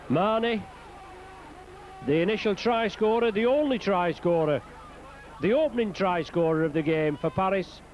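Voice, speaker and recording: A man giving live play-by-play commentary on a rugby league match outdoors, calling out player names in quick bursts and lifting his voice at scoring moments. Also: high-pitched, dull audio, slight background noise.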